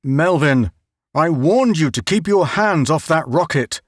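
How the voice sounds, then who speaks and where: A man's voice: on the high side, animated, a little slow, dry recording, clean studio sound. A man voicing a stern, sarcastic middle-aged scientist father, who scolds in a storybook reading. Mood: scolding.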